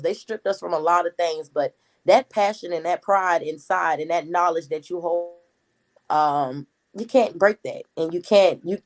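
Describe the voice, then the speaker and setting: A woman in her thirties with a Gullah Geechee accent, a talkative community activist answering interview questions in a steady flow. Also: on the low side, low-quality recording. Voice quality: talkative, words flow quickly.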